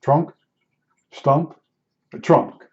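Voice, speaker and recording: A man's voice: very slow, a little mellow. A man telling a casual, rambling anecdote, restarting his sentences often and leaning on fillers. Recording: dull lo-fi recording.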